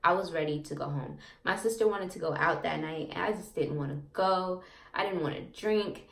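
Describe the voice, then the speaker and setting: Talking to her viewers in a low-ish voice with vocal fry, this young vlogger recounts something personal at a moderate pace. Her chatty telling wanders, full of fillers and repetition, and the distant mic picks up an echoey room.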